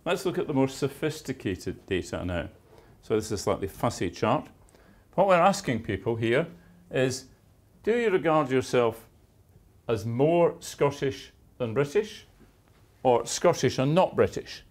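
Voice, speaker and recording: A man's voice: mid-range voice, animated, measured pace, a little mellow. A man giving a university lecture, with dry, wry asides and emphatic stresses on key words. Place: lecture theatre.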